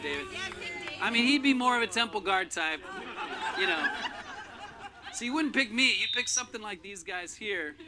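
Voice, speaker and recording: A male pastor with a high voice and a very bright, forceful tone gives a casual, conversational sermon. He talks loosely, filling his sentences with fillers and restarts. Faint noise sits under his voice.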